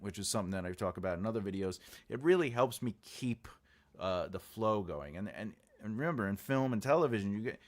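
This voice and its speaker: Low-voiced man coaching fiction writing. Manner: rambling, filler-heavy, talks directly to viewers. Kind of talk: casual livestream writing tutorial.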